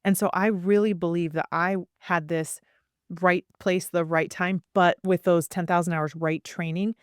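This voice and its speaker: A woman's voice: fairly low pitch, fairly even intonation, clear, resonant tone, no room sound, clean studio sound. A woman of around forty, a podcast guest, telling her story with energy and acting out the voices of people she quotes. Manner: acts out quoted voices, fast bursts with many asides. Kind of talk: animated storytelling in a podcast interview.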